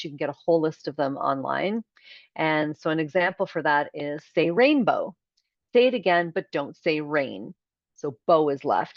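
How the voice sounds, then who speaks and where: Low-pitched female kindergarten teacher giving a parent workshop over a call, demonstrative, dry and slightly muffled. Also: no room sound. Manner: clear, demonstrative, models speech sounds. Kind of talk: online workshop presentation. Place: video call.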